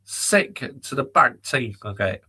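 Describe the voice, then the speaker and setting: Exasperated bright-voiced football host. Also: male voice, mid-range voice, expressive, slow, slightly rough. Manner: exasperated, reads out viewer comments and answers them. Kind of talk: live chat reaction rant.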